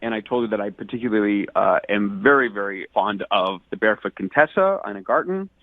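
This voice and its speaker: A man's voice: fairly low pitch, expressive, a little fast, no room sound. A man calling into a radio show, retelling a bad date in an indignant, dramatic way. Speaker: caller on a radio prank segment. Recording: tinny phone line.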